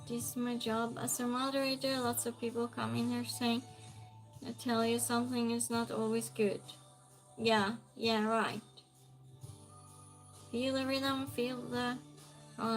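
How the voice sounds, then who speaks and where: A woman's voice: on the high side, little pitch movement, a little slow, faint music behind. A woman hosting a live trivia stream, reading questions aloud and chatting with viewers.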